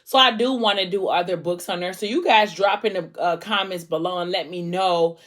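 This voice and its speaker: A woman's voice: fairly low pitch, normal speed, a bit bright. A young woman chatting at home about a book series she loves, loose and slangy, full of fillers. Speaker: book vlogger. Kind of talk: casual book discussion.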